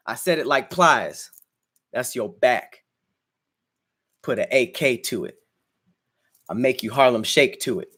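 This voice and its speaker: Young male podcast host, casual and crude, brags through freestyle bars, mid pitch. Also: expressive, measured pace, pauses often, fairly bright tone, slightly rough. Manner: crude, boastful and joking, laughs at himself. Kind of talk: casual livestream chat and freestyle rap.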